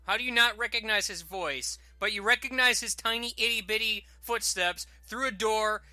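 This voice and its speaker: A man's voice: sits high, moderate pace, bright, forceful tone, no room sound, faint music behind. A man giving casual, rambling gameplay commentary with a jokey, self-mocking tone. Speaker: let's play host.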